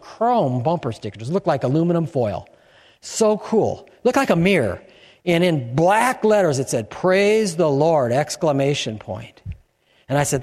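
Older male pastor from Chicago, high-pitched, animated sermon delivery with shouted emphasis, long reverb of a church hall.

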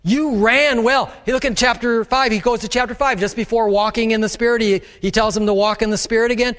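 Animated preacher with a high voice in an echoing hall. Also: male voice, fairly quick. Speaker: pastor. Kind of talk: sermon. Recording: long reverb of a large hall.

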